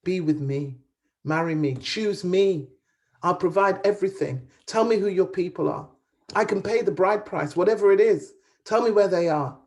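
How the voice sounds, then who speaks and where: A woman's voice: lowish voice, normal speed, a little mellow, close to an everyday voice. A woman storyteller voicing a lovesick young male hunter in a folktale, speaking in an earnest, pleading way. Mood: ardent.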